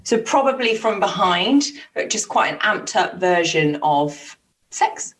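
Lively, giggly woman co-host. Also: fairly low pitch, measured pace. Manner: giggly, playful reactions. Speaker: podcast co-host. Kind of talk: casual chat.

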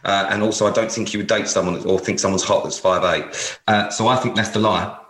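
Teasing man, low voice, echoey room. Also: steady tone, brisk, noisy background. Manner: teasing, crude banter, mock-detective questioning. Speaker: co-host. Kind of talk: casual chat.

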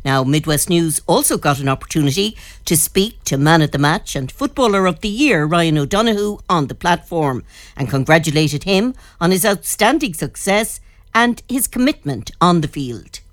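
Woman, local news reporter, mid pitch, dry studio sound, admiring questions. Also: lively intonation, moderate pace, dry recording.

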